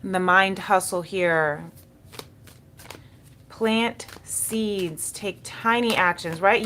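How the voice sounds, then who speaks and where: A woman's voice: a little high, a bit bright. A woman giving a spiritual tarot reading, speaking in a soothing, encouraging way and repeating key words. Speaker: tarot reader.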